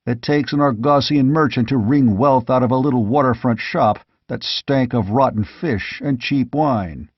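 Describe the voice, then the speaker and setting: A man playing a gruff barbarian king. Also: medium pitch, moderate pace, few pauses, no echo, close to an everyday voice. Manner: blunt, gruff, grimly amused. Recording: dull, dry lo-fi audiobook recording.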